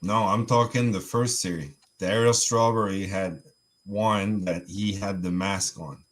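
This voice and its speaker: A man's voice: on the low side, fairly even intonation, measured pace. A man co-hosting a casual hobby livestream, chiming in hesitantly and trailing off. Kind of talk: casual chat.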